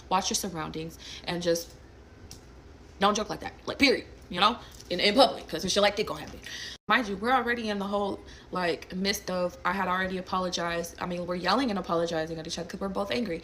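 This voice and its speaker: Young woman, casual storytime, blunt and animated, swears a lot, mid-pitched voice, faint background hiss. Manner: animated, blunt, swears freely, acts out quotes. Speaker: storyteller recounting a personal incident.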